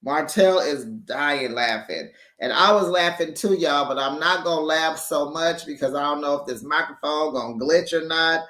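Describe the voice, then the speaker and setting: A recap YouTuber chatting casually about a reality show, laughing often and talking with lively slang into a microphone held back from the mouth. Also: medium pitch, moderate pace, hardly any pauses, roomy sound. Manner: laughs often, gossipy and animated, uses slang. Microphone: USB microphone held back from the mouth.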